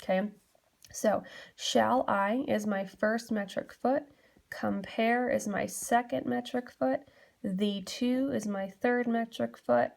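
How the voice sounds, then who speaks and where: A woman's voice: fairly high pitch, slow pace, creaky. Patient woman teacher explaining step by step. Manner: patient, steady explaining with frequent "um" and "so". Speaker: English teacher. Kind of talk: classroom lesson explaining poetry.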